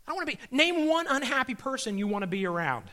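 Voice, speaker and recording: A middle-aged man, a comedian and magician, giving a comedic Christian talk and telling stories with animated energy. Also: very high voice, quick pace. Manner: animated storyteller acting out voices.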